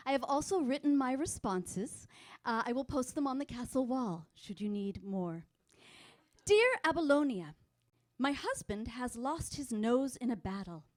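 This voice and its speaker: A woman's voice: high voice, lively intonation, unhurried. A woman playing a prim Spanish advice columnist. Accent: put-on Spanish accent. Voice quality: prim, sing-song, mock-pious. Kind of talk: character stand-up.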